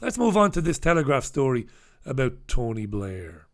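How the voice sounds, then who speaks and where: A man's voice: medium pitch, big pitch swings, normal speed. A man hosting a casual live newspaper review, sardonic and swearing freely as he reads headlines and viewer comments aloud.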